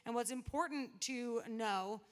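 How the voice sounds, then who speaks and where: A woman's voice: fairly high pitch, unhurried. A woman preacher giving a casual sermon, retelling scripture in chatty everyday language with quoted asides.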